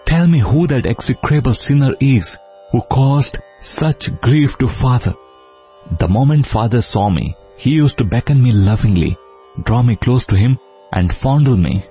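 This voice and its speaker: A man's voice: lively intonation, unhurried, dark tone, soft background music, natural voice. A man voicing an earnest young prince, pleading. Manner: earnest, imploring, rising in pitch. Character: young prince pleading with his grieving father. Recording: dull lo-fi audio with faint sitar.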